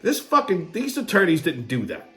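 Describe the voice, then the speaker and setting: A man hosting his own show, telling a story as a comedic monologue, profane and sarcastic, swinging between low muttering and excited outbursts. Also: moderate pace. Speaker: host.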